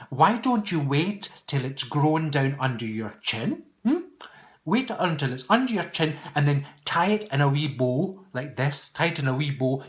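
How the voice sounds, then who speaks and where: In a casual vlog, a middle-aged man with a voice on the high side answers viewer questions. He's chatty and playful, laughs often, and teases his viewers.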